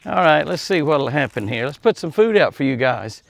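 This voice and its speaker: Outdoors at a deer pen on his ranch, a man coaxes the deer closer and chats with viewers in a folksy, casual way. His voice is a little high and very animated, with vocal fry, a normal speed, and no echo.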